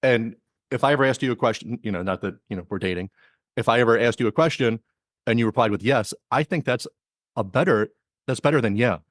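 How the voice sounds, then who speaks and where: A man's voice: medium pitch, fast talker, no echo, studio quality. A man co-hosting a podcast in casual chat, joking and acting out mock quotes. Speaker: podcast co-host.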